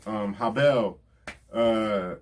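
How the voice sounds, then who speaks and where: A man's voice: on the low side, drawn-out words. A man, talking earnestly and casually as he thanks the people in his life. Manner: earnest, repeats "you know what I'm saying". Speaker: rapper giving album shout-outs. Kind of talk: casual heartfelt talk.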